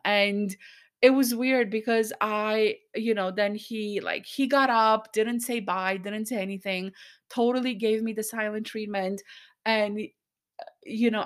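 An angry woman speaks straight to her podcast listeners in a personal monologue, still worked up and frustrated. Her talk comes in bursts, broken by quick asides. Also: mid-range voice, a bit bright. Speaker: podcast host.

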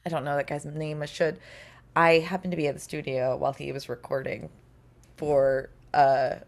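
A woman voice actor chatting casually, telling lively stories and mimicking the people she quotes. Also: sits low, normal speed, creaky. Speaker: podcast guest, voice actor. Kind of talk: casual chat. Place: recording studio.

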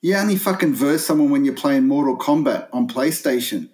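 Australian male co-host, casual rambling banter, heavy swearing, mid-pitched. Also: expressive, fairly quick, darkish tone. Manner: rambling, swears a lot, laughs often. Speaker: podcast co-host.

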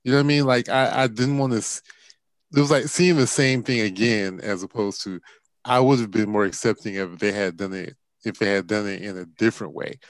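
A man in a casual movie review chat who talks haltingly and restarts his sentences often. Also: fairly low pitch, steady tone, dry recording.

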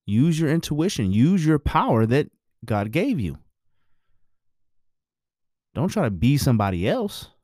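A man's voice: mid-range voice, big pitch swings, unhurried, pauses often, darkish tone, no echo, studio quality. A married man giving his views in a blunt, preachy, profane casual monologue.

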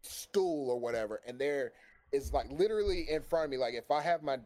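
A man's voice: medium pitch, brisk. A man telling a long story in a casual chat, cursing freely and acting out the lines of the people in it. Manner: animated, profane, acts out quoted dialogue.

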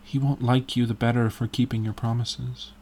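A man's voice: mid-range voice, flat delivery, normal speed, warm tone, lightly acted. A man reading the part of an earnest, anxious painter in an audiobook, in a sad, pleading way.

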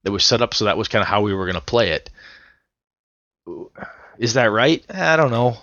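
Low, bright-toned man telling a rambling gaming story. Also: lively intonation, normal speed, no room sound, dull audio. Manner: rambling storyteller with many restarts and swearing. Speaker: podcast co-host. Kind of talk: casual chat about tabletop gaming.

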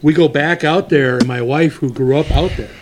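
A man's voice: fairly high pitch, normal speed, slight background noise. A middle-aged man co-hosting a podcast, swearing and joking in casual banter. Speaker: podcast co-host. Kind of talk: casual chat.

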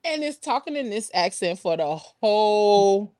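A woman co-hosting a casual online talk show, telling a story with lively, slang-heavy banter and laughter. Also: medium pitch, a little slow, no echo, studio quality. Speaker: podcast co-host.

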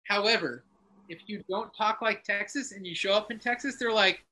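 A man with a Northeastern American accent talks in a bright, forceful voice. He is a musician guest in a casual podcast chat. He rambles from one tangent to the next and swears often. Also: high-pitched, moderate pace, rough recording. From Northeastern United States.

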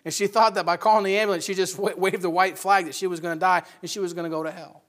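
A male preacher telling a story in a sermon at church, building to fervent, near-shouted passages. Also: sits high, fairly quick.

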